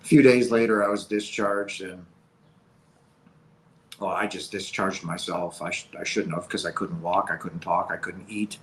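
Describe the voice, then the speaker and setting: A man speaking as an interview guest, telling a personal story in an earnest, halting, emotional way. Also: low-pitched, fairly even intonation, low-quality recording.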